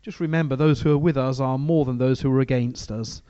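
A man's voice: mid-range voice, steady tone, brisk, mellow, clear, resonant tone, no echo, muffled recording. A man preaching a sermon and reading from the Bible, talking in a conversational way with frequent restarts.

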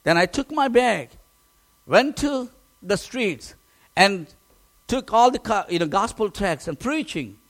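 A pastor telling a personal testimony in a sermon, emotional and animated, often restarting his words. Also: high-pitched, measured pace.

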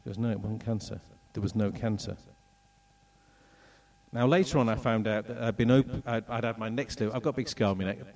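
A middle-aged man from England telling a personal testimony with slides, in an animated storytelling manner. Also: fairly low pitch, distant mic. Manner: animated storytelling, acts out voices and moments. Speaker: speaker telling his testimony.

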